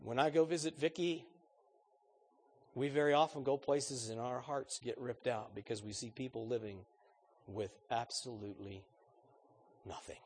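A man's voice: medium pitch, fairly even intonation, moderate pace, darkish tone, a little hiss or hum. A man preaching a sermon in an earnest, conversational way, putting questions straight to his congregation.

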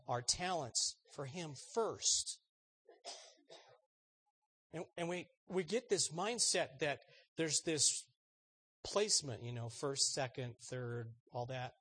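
Husky-voiced pastor telling a story. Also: male voice, on the high side, no room sound. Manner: animated storyteller, acts out voices in anecdotes. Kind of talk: sermon storytelling.

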